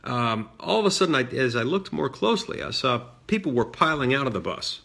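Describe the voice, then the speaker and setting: A middle-aged man telling a personal story in a measured way, with frequent fillers and restarts. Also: medium pitch, very animated, vocal fry, bright, forceful tone. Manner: measured, many fillers and restarts, mimics voices in quotes. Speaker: senator recounting a childhood story. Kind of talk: storytelling monologue.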